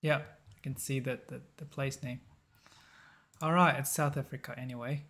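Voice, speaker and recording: A man hosting a map-guessing game video, thinking aloud in a halting, musing way with short chuckles. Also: medium pitch, fairly even intonation, a bit bright.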